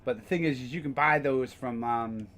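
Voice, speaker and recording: A man's voice: medium pitch, moderate pace, fairly bright tone, a little hiss or hum. A man casually streaming a game, rambling with frequent fillers and the odd curse. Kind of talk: casual gameplay commentary.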